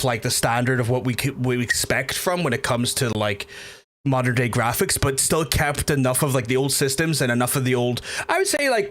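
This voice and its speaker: A man's voice: medium pitch, a bit bright. A man chatting casually on a gaming livestream, ranting and swearing heavily, rambling with lots of fillers. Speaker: gaming streamer.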